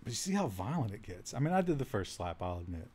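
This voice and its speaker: A man's voice: fairly low pitch, very animated, fast, mellow, breathy edge. Male streamer; reads game text aloud, breaks off for amused comments. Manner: amused, laughing asides. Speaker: streamer playing a text adventure.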